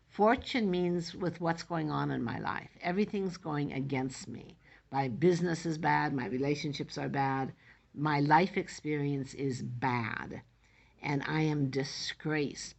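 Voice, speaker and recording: Woman teacher, lowish gravelly voice, breaks a poem down line by line in plain everyday talk. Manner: explains line by line, paraphrasing in plain everyday speech. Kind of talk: classroom lesson explaining poetry.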